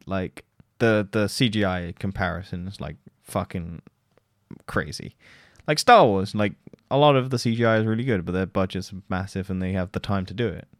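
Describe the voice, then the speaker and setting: A man's voice: lowish voice, clear, resonant tone, no echo, studio quality. A man hosting a solo podcast, giving a rambling, profane film review and mockingly quoting characters. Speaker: podcast host.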